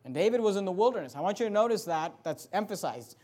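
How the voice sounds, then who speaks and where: High-pitched man preaching emphatically. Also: lively intonation, fast, few pauses. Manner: emphatic preaching, repeating phrases and building to loud passages. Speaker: pastor. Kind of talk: sermon.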